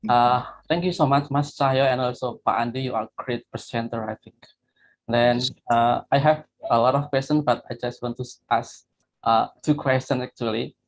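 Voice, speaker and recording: A man's voice: medium pitch, fairly even intonation, moderate pace. A man from Indonesia with an Indonesian accent, asking questions politely and hesitantly as a webinar participant. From Bantul, Indonesia. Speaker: audience participant. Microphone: video call. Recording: dull lo-fi video call audio.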